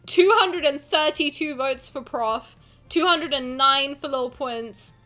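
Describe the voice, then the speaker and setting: Excitable woman streamer, bright high voice, swooping pitch, faint music behind. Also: takes it slowly. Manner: excitable, gushing, swears casually. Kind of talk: casual livestream chat.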